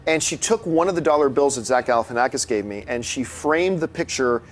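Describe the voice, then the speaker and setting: A man's voice: mid-range voice, fairly quick. A man hosting a movie talk show, telling an anecdote in casual chat and acting out the dialogue as he goes. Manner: animated, acts out dialogue in his anecdotes. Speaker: host.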